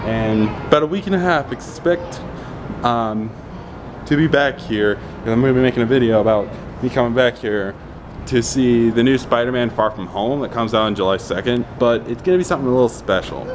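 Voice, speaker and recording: A man's voice: medium pitch, a little fast, noisy background. A man vlogging casually while out and driving, chatty and rambling with frequent restarts, recorded on a handheld phone. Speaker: gaming vlogger. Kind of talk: casual vlog commentary. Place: outdoors and in a car while driving.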